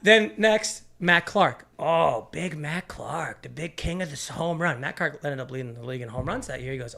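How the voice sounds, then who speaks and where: A man in his thirties telling a lively story as a podcast guest, often breaking into laughter. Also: fairly high pitch, brisk, creaky. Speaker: podcast guest, former college catcher. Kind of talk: casual storytelling chat.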